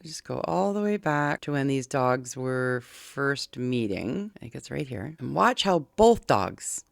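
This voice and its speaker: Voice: medium pitch, sing-song, unhurried, creaky, dry recording, studio quality. A dog behavior commentator reacting to a video clip, speaking earnestly and pleading with viewers, repeating key points with frequent restarts. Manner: frequent restarts and verbal fillers.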